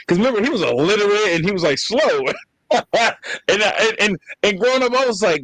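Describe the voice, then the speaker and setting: Animated man telling family stories. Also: high voice, fast talker, no room sound, poor audio. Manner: profane, animated storytelling with laughs. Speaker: podcast host. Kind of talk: casual conversation with his brother.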